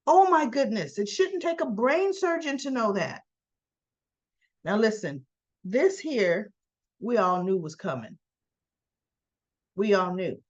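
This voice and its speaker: A woman's voice: on the high side, lo-fi sound. A woman host recapping a soap opera in a chatty, opinionated storytelling manner. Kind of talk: casual recap narration.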